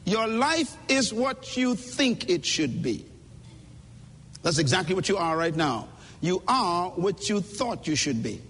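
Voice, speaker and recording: A man's voice: high-pitched, very animated, unhurried, a bit bright, breathy edge. A man giving an emphatic, preacher-like motivational speech at a conference, speaking directly to the audience, recorded in a reverberant hall.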